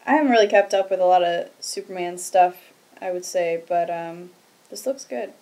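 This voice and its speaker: A woman's voice: lowish voice, normal speed, darkish tone, slight background noise. A woman co-hosting a film podcast in casual chat, giggly and hesitant, with many ums. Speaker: podcast co-host.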